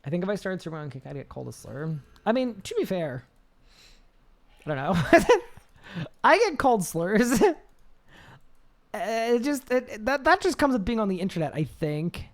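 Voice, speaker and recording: A man with a high-pitched voice, chatting casually on a live game stream, reading chat aloud and rambling with restarts. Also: very animated, moderate pace, long pauses.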